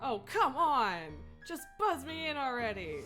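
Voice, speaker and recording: A woman's voice: high voice, sing-song, a little slow, pushed and bright, faint music behind, heavily acted. A woman voicing a brash male delivery man in disguise, talking in a pushy, impatient, bluffing way while reading a game's dialogue aloud.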